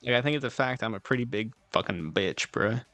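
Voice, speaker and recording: A man's voice: mid-range voice, animated, brisk, a bit bright, no echo, soft background music. A man streaming and chatting casually with his viewers, rambling in a laid-back way, swearing now and then and giggling often. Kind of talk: casual chat with live chat.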